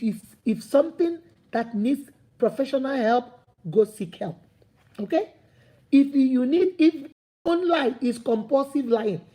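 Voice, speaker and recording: A woman gives a motivational talk in a preachy, animated way. Her voice sits high, with a mellow, soft-edged tone. She acts out the voices of imagined people as she makes her points. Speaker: motivational speaker.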